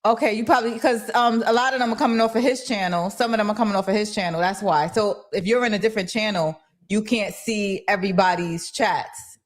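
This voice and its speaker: A woman's voice: mid-range voice, fairly even intonation, fairly quick. A woman co-hosting a live TV recap stream, speaking candidly and swearing freely. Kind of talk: casual live chat.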